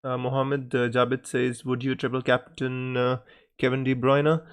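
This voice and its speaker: Guy hosting a live stream chat, mid-pitched, halting with lots of pauses. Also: completely flat delivery, smooth. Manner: greets chat viewers by name, hesitant with frequent pauses.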